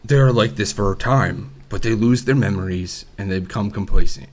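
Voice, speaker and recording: A man's voice: on the low side, moderate pace, a crowd in the background. A man narrating as game master in a matter-of-fact way.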